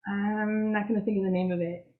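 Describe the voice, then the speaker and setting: A woman's voice: medium pitch, level tone, brisk, narrow, tinny audio. Chatty woman giving a club talk. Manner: chatty, self-mocking, laughs often. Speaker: museum executive director. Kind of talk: casual talk to a club meeting.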